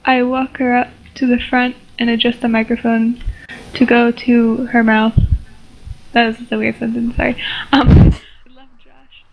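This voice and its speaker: A woman reads a homemade adventure story aloud to her friends. Her voice sits fairly high but barely moves, giving a plain, level delivery. She is a little self-conscious about how she sounds. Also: monotone, normal speed, low-quality recording. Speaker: reader of a homemade game story. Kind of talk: casual reading aloud of a story among friends.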